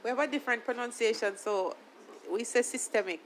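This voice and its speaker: A woman's voice: a little high, fairly quick, a little hiss or hum. A woman, an appeal court judge politely clarifying a point with counsel.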